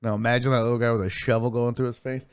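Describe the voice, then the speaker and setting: A man's voice: mid-range voice, level tone, rapid-fire, smooth, no echo, clean studio sound. A man hosting a sports live stream, chatting casually, telling stories, reading chat messages aloud and swearing freely. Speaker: sports streaming show host.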